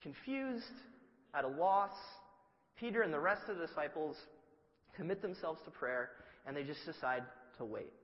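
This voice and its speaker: A man preaches a sermon with a lively, swooping voice that sits a little high. He tells the story with humor and acts out little asides. The recording is dull and lo-fi, and a long hall reverb trails each phrase. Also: normal speed.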